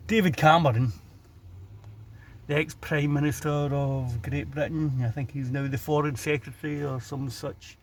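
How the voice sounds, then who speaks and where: A Glasgow man vlogging by a city road delivers a sardonic, casual rant to camera about the street in his shot. His voice is mid-range and a little mellow, with a slight hiss or hum in the recording.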